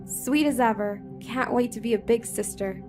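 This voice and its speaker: A man's voice: extremely high pitch, moderate pace, music in the background, pitched above the performer's own voice. A male narrator voicing a worried young pregnant woman calling her cop father, in an audiobook horror story. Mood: warm. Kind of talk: audiobook character voice.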